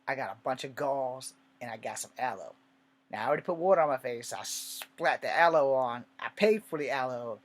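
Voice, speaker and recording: A man's voice: medium pitch, brisk. A man telling a personal story in a casual, rambling way, swearing often and drifting into asides. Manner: rambling and profane, with many asides.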